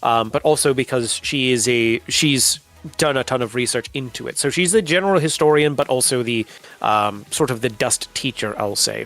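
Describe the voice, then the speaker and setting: Man running a tabletop game, halting. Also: medium pitch, a bit bright. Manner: halting, filler-heavy description. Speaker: game master.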